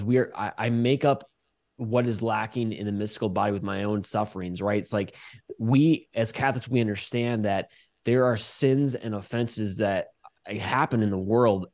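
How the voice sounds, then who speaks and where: A man being interviewed, talking earnestly with many halting restarts. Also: fairly low pitch, darkish tone. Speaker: guest. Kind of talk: casual interview talk.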